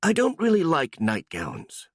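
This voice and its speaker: A man's voice: a little high, wildly swooping pitch, unhurried, no room sound, clean studio sound, voice pushed up, exaggerated voice. A man voicing a smug monster queen, a man stuck in a young woman's body, in an audiobook. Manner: smug, then easily surprised.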